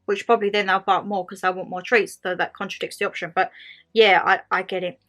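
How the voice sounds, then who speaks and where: A vlog host with a mid-range voice and quick pace rants in a casual, chatty video, telling stories animatedly, acting out what people say and laughing often. Faint music plays underneath.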